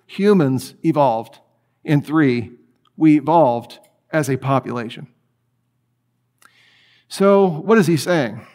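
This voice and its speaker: Male lecturer, higher-set voice, chatty teaching style, animated delivery. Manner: conversational, animated, with many restarts. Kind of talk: apologetics lecture.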